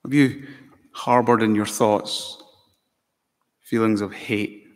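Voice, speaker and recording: A man's voice: lowish voice, steady tone, takes it slowly, a little mellow. A man preaching a sermon as pastor, earnest, asking the congregation pointed rhetorical questions. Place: church. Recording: long church reverb.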